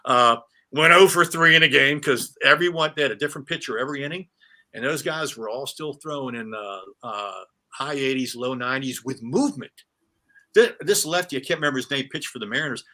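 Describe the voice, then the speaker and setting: Bright-voiced man telling stories. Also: mid-range voice, a little fast. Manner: animated anecdotes with many restarts and fillers. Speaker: retired sportscaster, guest. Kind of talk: storytelling in a casual interview.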